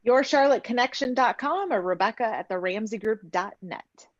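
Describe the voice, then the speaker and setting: A woman's voice: on the high side, lively intonation, moderate pace, muffled recording. A woman guesting on a podcast, speaking briefly and matter-of-factly. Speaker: podcast guest, vice president. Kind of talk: casual chat.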